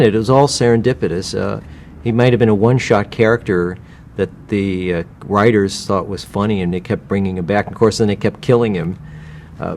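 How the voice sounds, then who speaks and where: A man's voice: lowish voice, darkish tone. A man from the United States, a voice actor being interviewed, rambling with many restarts and slipping now and then into character voices. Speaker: guest voice actor. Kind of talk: casual interview.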